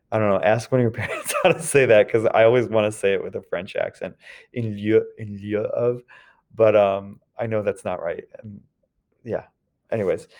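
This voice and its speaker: Man, fairly low pitch, teacher, recorded lesson, patient explanations, mixes english and french examples. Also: darkish tone. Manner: explains patiently, often checks with "d'accord?".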